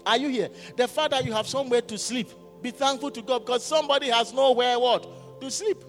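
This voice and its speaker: With a very high voice and a fairly quick delivery, a pastor gives a sermon in a church hall. He regularly questions the congregation and waits for replies. Faint music and hall reverb sit in the background.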